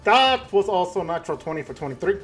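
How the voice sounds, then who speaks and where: A man's voice: sits high, big pitch swings, fast, fairly bright tone, slightly rough, soft background music. A man running a tabletop game as game master, narrating in a casual, joking way.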